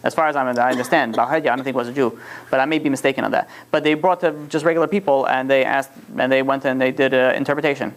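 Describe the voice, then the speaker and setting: Fast-talking man giving a rambling religious lesson. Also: mid-range voice, steady tone. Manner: rambling, restarts phrases, storytelling. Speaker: religious teacher.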